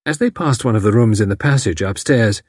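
A man narrating an audiobook in a lively, expressive reading. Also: fairly low pitch, fairly quick, breathy edge, no echo, studio quality.

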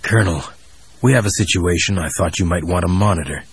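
A man voicing a calm civilian commander who speaks in a quiet, measured way with a low, husky voice. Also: no echo.

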